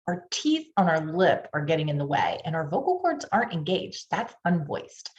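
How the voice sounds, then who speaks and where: A woman's voice: low voice, sing-song, normal speed. A woman with a Pittsburgh accent, a reading specialist teaching tutors, sounding out phonemes and coaching listeners to repeat them. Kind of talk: tutor training lecture. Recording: dull lo-fi online session audio.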